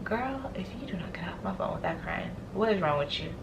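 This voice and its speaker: A woman's voice: fairly low pitch, expressive, fairly quick, creaky, very noisy. A woman imitating her blunt, teasing mother. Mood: exasperated. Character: sassy mother brushing off her daughter.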